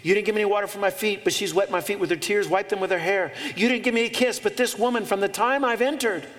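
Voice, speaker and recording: A preacher acting out a stern male teacher who rebukes his host, each charge rising higher and more emphatic. The words ring with a long reverb through a large hall. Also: fairly even intonation, quick pace, fairly bright tone.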